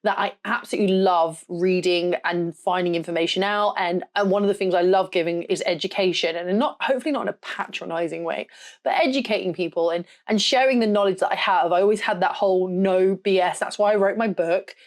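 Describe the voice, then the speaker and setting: A young adult woman from the south of England with a slight rural southern English accent, hosting a casual solo podcast in a loud, direct and blunt way. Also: on the low side, fairly even intonation, fairly quick. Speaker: podcast host and photographer.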